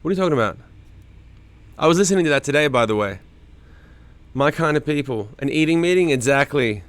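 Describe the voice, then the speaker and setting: A man's voice: a little high, expressive, fairly quick, dry recording. A middle-aged man hosting a loose livestream from home, chatting with viewers by name and swearing freely. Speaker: streamer hosting a live chat. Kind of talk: casual livestream chat reading viewer comments.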